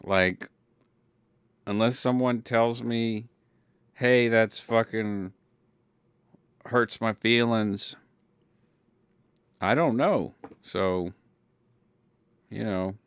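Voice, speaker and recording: A man from Ventura County, California, with a Californian accent, hosts a casual livestream, reading chat and answering viewers. His lowish voice is smooth and extremely slow, with long pauses and no echo. He rambles, using many fillers and swearing freely.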